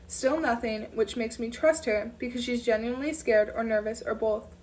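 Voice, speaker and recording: Woman reading an audiobook out loud, steady, sometimes fixes a slip, bit highish, mic kinda far. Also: moderate pace, hardly any pauses. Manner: steady reading with occasional self-corrections. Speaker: audiobook reader. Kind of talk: first-person audiobook narration.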